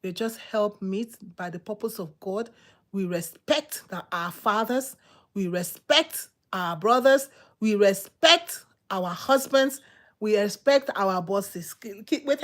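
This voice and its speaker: A woman preaching a sermon in an emphatic, repetitive, exhorting manner, swinging between loud outbursts and low murmurs. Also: expressive, unhurried.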